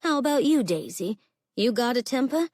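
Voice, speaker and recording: A proud, hot-tempered ranch mother , voiced by a woman narrator, speaks in a forceful, emphatic drawl. Her voice rises above the narrator's usual level and stays dry and close on the mic. She comes across as a fierce storybook matriarch. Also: fairly high pitch, expressive, moderate pace, dry recording, voice pushed up, natural voice. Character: fiery, proud middle-aged ranch mother.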